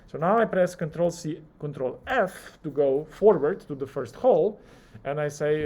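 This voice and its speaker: A male lecturer teaching a live coding class, talking through each keystroke and acting out the software's replies. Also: a little high, animated, moderate pace.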